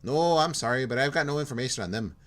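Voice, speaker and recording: A man's voice: medium pitch, lively intonation, fast talker, pitched above the performer's own voice, lightly acted. A man doing a chatty Minnesota-turned-Irish tech guy. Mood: friendly, chatty. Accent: Minnesota sliding into Irish. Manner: chatty, eager to explain. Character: friendly talkative male vault computer tech.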